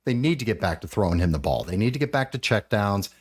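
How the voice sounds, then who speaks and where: A man hosting a fantasy football podcast, talking in animated, rambling casual chat with the odd swear. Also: on the low side, quick pace, breathy edge.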